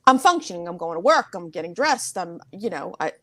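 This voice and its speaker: A middle-aged woman therapist telling a personal story in a casual interview, talking fast and animatedly. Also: no room sound. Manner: animated, rapid talker who mimics others in a high voice. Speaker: therapist guest.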